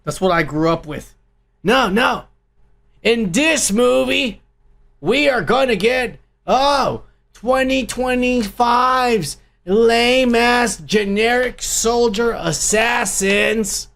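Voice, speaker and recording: A man with a gravelly, crackling voice tears into a film trailer, crude and heated, swearing at every turn. His voice sits high for a man. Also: slow, a bit bright. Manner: angry, crude, swears constantly. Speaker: podcast host. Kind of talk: profane ranting movie review.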